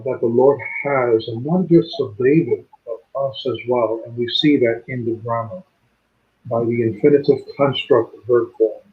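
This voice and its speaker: Methodical man teaching over a tinny line. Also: medium pitch. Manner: methodical, explanatory, slows down to sound out Hebrew words. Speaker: Bible study teacher. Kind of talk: explaining Hebrew grammar in a livestream study. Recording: tinny phone-line sound.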